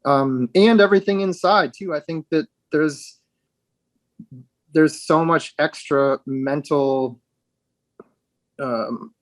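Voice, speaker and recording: A man speaking as an interview guest, reflective and halting, with frequent restarts and fillers. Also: fairly high pitch, dry recording. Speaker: guest, actor with dwarfism.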